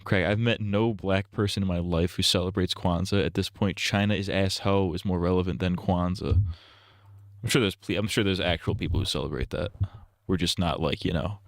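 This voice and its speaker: A man's voice: low voice, steady tone, fairly quick, gravelly, dry recording, studio quality. A young man rambling crude jokes on a casual gaming livestream. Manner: crude, rambling, giggly banter.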